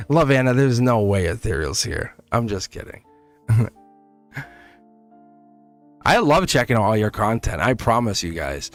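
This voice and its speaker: A man giving a live tarot reading, animated, laughing often and talking straight to his viewers. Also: medium pitch. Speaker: tarot reader.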